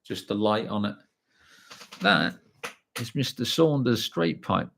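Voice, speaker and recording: Gravelly, low-voiced man. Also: lively intonation, slow, fairly bright tone. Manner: chatty, blunt, swears freely, calls people mate. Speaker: livestream host. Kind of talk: casual storytelling while reading viewer comments.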